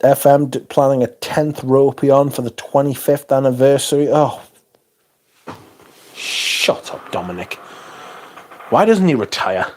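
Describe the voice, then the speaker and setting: A man hosting a casual livestream, chatting and answering viewers in an animated, exclamatory way and swearing freely. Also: medium pitch, unhurried, pauses often. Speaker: livestream host. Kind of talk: casual livestream chat, reading viewer comments.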